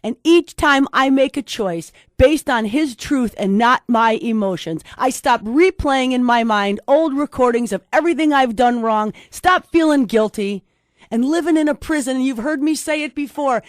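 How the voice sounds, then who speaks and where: A woman's voice: a little high, animated, moderate pace, no room sound, clean studio sound. A middle-aged woman giving an emphatic, preacherly faith-based motivational talk, repeating key phrases. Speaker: host and speaker.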